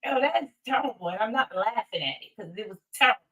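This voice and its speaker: A woman's voice: on the high side, lively intonation, fast talker, sharp tone, reverberant, lo-fi sound. Rambling, profane woman livestreaming. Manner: rambling, profane, talks straight to viewers. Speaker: livestream host. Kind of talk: casual livestream chat. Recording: voice a bit distant from the mic.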